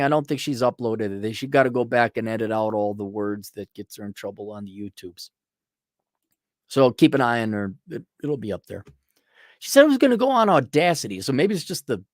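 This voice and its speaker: A man hosting a casual livestream, reading viewer donations aloud and answering them in a blunt, sardonic way, often mocking people in a put-on high voice. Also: no room sound, clean studio sound.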